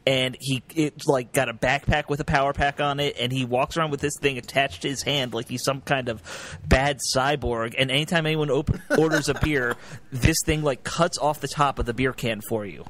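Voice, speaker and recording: A man's voice: medium pitch, steady tone, normal speed, fairly bright tone. A man co-hosting a casual sports podcast, chatty and full of asides. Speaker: podcast co-host.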